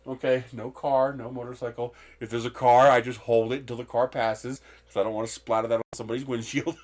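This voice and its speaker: A man's voice: medium pitch, flat delivery, brisk. A man hosting a live stream, chatting candidly and rambling from topic to topic, with the occasional swear. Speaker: livestream host. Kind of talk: casual live-stream chat.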